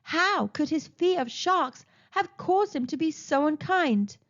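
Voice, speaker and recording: A woman's voice: high voice, slow pace, highs cut off. Woman reading a picture book aloud. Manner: expressive, playful. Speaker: children's storyteller.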